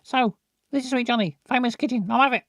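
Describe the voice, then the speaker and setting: A man's voice: extremely high pitch, fast, a bit bright, dry recording, clean studio sound, pitched above the performer's own voice. A man voicing an eager young woman who is the new waitress at a restaurant, speaking in a chirpy tone.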